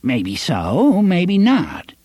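Quavery old gunslinger. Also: male voice, high-pitched, wildly swooping pitch, drawn-out words, darkish tone, husky, dry recording, pitched above the performer's own voice, full character voice. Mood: cautious, scheming. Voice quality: quavering, drawling. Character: old-sounding male gunslinger, wary and sly.

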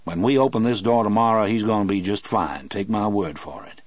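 A man voicing a tough, gruff male prison guard who growls his words. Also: fairly low pitch, a little fast, no echo, lightly acted.

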